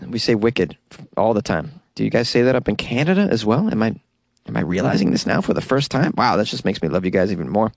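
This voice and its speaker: Recording alone in a small closet studio, a young Boston-accented podcaster keeps things light with self-deprecating jokes and plenty of laughs. He has a medium-pitched, expressive voice and a brisk delivery. The recording is dry.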